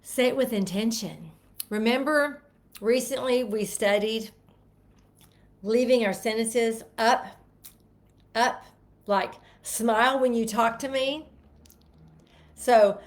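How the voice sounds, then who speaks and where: This motivational speaker has a fairly high voice and takes her time, pausing often. Her self-help talk is forceful and repetitive, and she has listeners say affirmations aloud with her.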